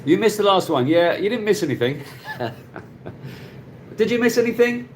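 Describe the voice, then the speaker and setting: His voice sits high and sing-song, unhurried, with a slight hiss or hum in the background. He's a middle-aged man in Cebu, Philippines, hosting a relaxed phone live stream, chatting, calling out viewers by name, and laughing frequently.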